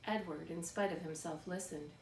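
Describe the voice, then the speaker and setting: A woman narrating a children's book in a steady, expressive read-aloud. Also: lowish voice, normal speed. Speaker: storybook reader. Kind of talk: scripted narration. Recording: roomy, distant mic, faint background noise.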